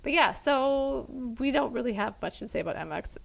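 Casual podcast co-host, woman, animated delivery with plenty of vocal fry. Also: high voice. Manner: animated and chatty, quick laughs. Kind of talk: casual chat.

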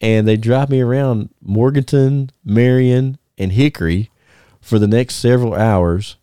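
A man's voice: medium pitch, measured pace, clean tone, no room sound, studio quality. A man, a former wrestler telling stories on a casual podcast, laughing often and restarting his sentences. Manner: animated, laughing storyteller with many restarts. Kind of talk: casual storytelling chat.

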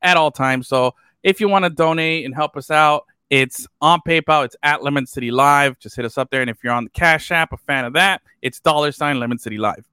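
A man hosting a casual sports podcast, animated and joking, often trailing off into fillers. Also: on the high side, brisk, few pauses, clean tone, no room sound, clean studio sound. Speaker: podcast host.

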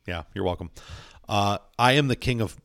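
A man's voice: fairly low pitch, moderate pace, gravelly, fairly bright tone, smooth, dry recording, studio quality. A man chatting casually as a podcast co-host, telling rambling stories full of fillers and playful asides. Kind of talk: casual chat.

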